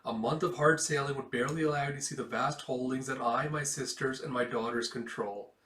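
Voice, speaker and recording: Man doing a dry mocking pirate queen, bright voice, echoey room; near his own voice. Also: mid-range voice, brisk, recorded from a distance, lightly acted. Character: fierce female pirate commander, mocking.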